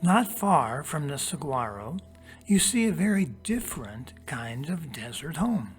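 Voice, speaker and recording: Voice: medium pitch, big pitch swings, breathy edge, faint music behind. A teacher reading a storybook passage aloud, then walking listeners step by step through a worksheet, talking straight to them. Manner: slow, deliberate, spells out each step; talks straight to young listeners.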